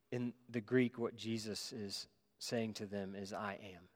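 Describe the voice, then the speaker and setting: A man's voice: lowish voice, fairly even intonation, unhurried. Man preaching in a reverberant hall. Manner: swings from loud emphatic preaching to quiet, hushed reflection. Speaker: pastor. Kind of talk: sermon.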